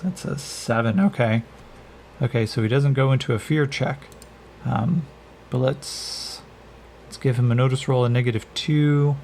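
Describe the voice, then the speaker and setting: A man narrates a solo tabletop role-playing game at a slow, unhurried pace, pausing often as he describes scenes and rolls dice. His voice is mellow and relaxed, and a faint hiss sits behind it. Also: mid-range voice. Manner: unhurried, hesitant, many pauses. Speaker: game master.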